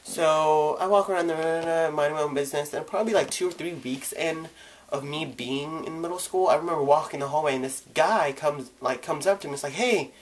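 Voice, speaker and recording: The speaker is a young vlogger relating his personal coming-out story in a frank, relaxed way. Quoted people get acted out, with his pitch and volume spiking without warning.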